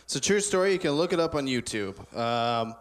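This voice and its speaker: A man's voice: medium pitch, expressive, a little fast. A man ranting bombastically in a comic mock debate, playing it mock-serious. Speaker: debater in a comedy show.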